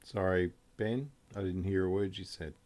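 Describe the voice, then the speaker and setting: A man narrating as game master of a tabletop game, in a relaxed, halting way with small fillers and restarts. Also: sits low.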